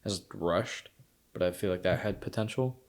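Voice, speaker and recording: Low-voiced man chatting about movies. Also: moderate pace. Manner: animated, quotes film lines in retelling. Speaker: podcast co-host. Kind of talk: casual movie review chat.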